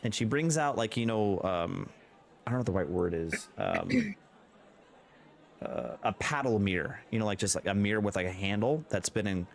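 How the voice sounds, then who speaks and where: A man game master narrating a tabletop fantasy session in a relaxed, casual way. He sometimes pauses to hunt for a word. His voice moves lively up and down. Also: lowish voice, creaky. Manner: casual, searching for words.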